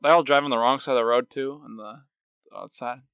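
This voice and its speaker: A man co-hosting a podcast, chatting casually about films with deadpan, teasing jokes. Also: mid-range voice, fairly quick, gravelly, clear, resonant tone, dry recording, clean studio sound. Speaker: podcast co-host. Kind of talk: casual film review chat.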